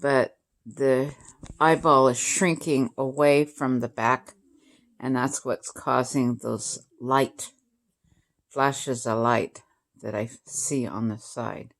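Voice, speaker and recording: This is a woman in her sixties with a low, gravelly voice. She talks slowly and casually to her viewers, chuckling often as she tells family anecdotes. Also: fairly even intonation. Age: 60s. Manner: chatty, laughs often while telling family stories. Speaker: vlogger. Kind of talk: casual storytelling to camera.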